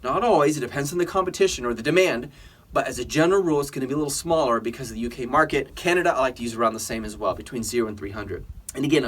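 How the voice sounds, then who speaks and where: A man teaching an online business tutorial in an energetic, emphatic way, often putting questions to his viewers. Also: medium pitch, husky. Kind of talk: screen-recorded tutorial.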